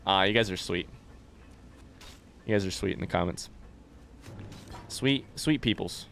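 A man's voice: deep voice, measured pace, vocal fry, fairly bright tone, a little hiss or hum. A young man doing live gameplay commentary, rambling, joking and swearing as he chats to his viewers. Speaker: let's play streamer.

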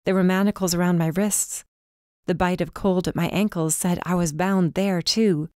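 A woman reading a first-person dark fantasy story as audiobook narrator, with tense, urgent delivery. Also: fairly low pitch, fairly even intonation, normal speed, no room sound, studio quality.

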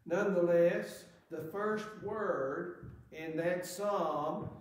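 A man's voice: high-pitched, drawn-out words, slight background noise. A man preaching a sermon, earnest, reading scripture aloud with rising emphasis. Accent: Southern American. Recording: very echoey church hall.

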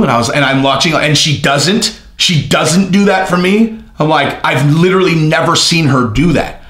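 A man's voice: a little high, normal speed, hardly any pauses, echoey room. A man ranting casually about fighting news, swearing freely and acting out both sides of imagined conversations. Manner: profane, animated, acts out both sides of conversations. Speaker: MMA commentary YouTuber.

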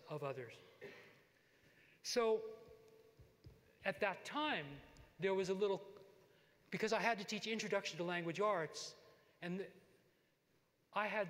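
An older man giving a lifetime achievement talk, telling stories from his career in an animated way with asides to the audience. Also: high-pitched. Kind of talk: lecture with personal stories. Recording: long hall reverb.

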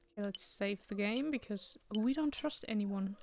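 A let's play streamer keeps up chatty, jokey commentary while playing a horror game, even talking to the characters on screen. She speaks at medium pitch and normal speed with hardly any pauses, her tone darkish.

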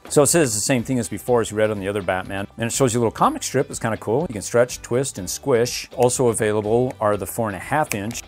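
A man's voice: lowish voice, fast, few pauses, darkish tone, soft background music. A man casually reviewing and unboxing toys, playful and chatty, laughing often. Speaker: toy reviewer.

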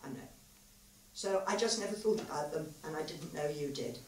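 Weary, earnest male physicist, quiet and confiding, read by a woman at a live reading, echoey hall, mic at a distance. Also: sits low, lively intonation, moderate pace, slight background noise. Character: thoughtful, weary male physicist, gentle lover.

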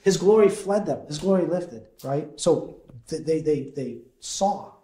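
A man leading a conversational Bible study as a deacon, animated and quizzing his group with frequent chuckles. His voice is mellow and sits fairly high. It rings in an echoey parish meeting room. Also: a little slow.

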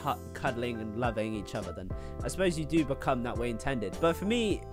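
A man with a southern English accent hosting a reaction video, chatting casually, excitable, swearing freely and drifting into tangents. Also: mid-range voice, a little fast, over music.

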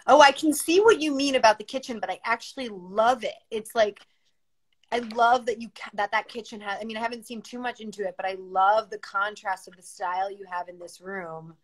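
A woman's voice: mid-range voice, brisk. A woman chatting casually and complimenting a friend's apartment during a home tour. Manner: enthusiastic, complimentary. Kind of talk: casual chat.

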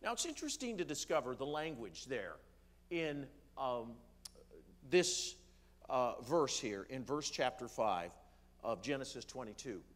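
Male pastor, sermon delivery, emphatic, measured, mid pitch. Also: very animated. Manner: slows down to stress key words, some fillers. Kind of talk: sermon reading and explaining scripture. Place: church sanctuary.

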